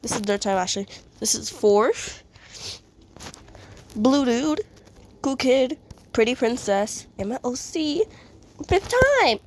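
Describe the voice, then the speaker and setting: A woman with a cold sniffles while casually showing off her fan art, rambling, giggly and apologetic as she chats. Her voice is on the high side with a darkish tone, and she talks a little slowly, pausing often.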